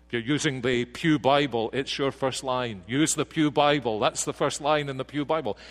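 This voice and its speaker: A man preaching a sermon to a congregation, slow and emphatic, dropping quiet then rising with force. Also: mid-range voice. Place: church sanctuary. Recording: reverberant church hall.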